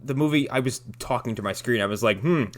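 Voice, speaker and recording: A man's voice: mid-range voice, fast talker. A man co-hosting a podcast, making wry jokes about a movie. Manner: wry, laughing asides. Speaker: podcast co-host. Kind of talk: casual movie-review banter.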